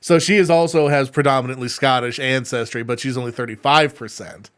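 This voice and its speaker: A man's voice: mid-range voice, steady tone, a little fast, a bit bright, clean tone. A young man co-hosting a podcast, chatting casually and rambling with many fillers and restarts. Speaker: podcast co-host. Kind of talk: casual chat.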